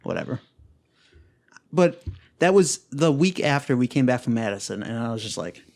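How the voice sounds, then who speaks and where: A man's voice: moderate pace, creaky, long pauses. A young man and podcast co-host telling a party story in casual chat, acting out quotes and swearing a lot. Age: young adult. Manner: animated storyteller, acts out quotes with big pitch jumps, swears a lot.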